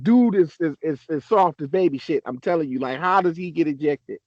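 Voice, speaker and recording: A young man on a casual sports podcast, ranting excitably and swearing a lot. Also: on the high side, a little fast, dry recording, highs cut off. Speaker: podcast co-host.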